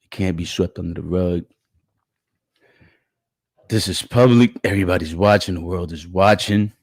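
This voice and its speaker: A man's voice: deep voice, normal speed, darkish tone, dry recording, studio quality. A man hosting a casual live commentary show with a stuffy nose and a catching throat, calling out chat viewers by name in slangy talk. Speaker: livestream show host.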